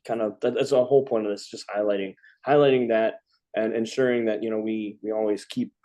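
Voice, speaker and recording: Halting man with many restarts. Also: on the low side, fairly even intonation, dark tone. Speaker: host, veteran. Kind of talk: casual conversation.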